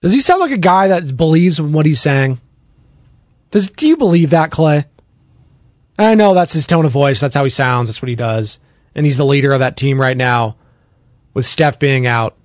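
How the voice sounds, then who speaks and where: A man's voice: on the high side, expressive, normal speed, long pauses, no room sound. A man hosting a sports radio show, talking in a sarcastic, rambling monologue that drifts into tangents, recorded at a studio microphone. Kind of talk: opinionated sports talk monologue.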